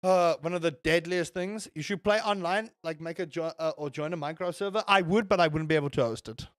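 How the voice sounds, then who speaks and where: Young male streamer with a fairly high voice, rambling and swearing while he chats over gameplay. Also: brisk, no echo, clean studio sound. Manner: rambling, swears, answers chat and reacts to the game. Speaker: livestreamer. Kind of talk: casual gaming stream chat.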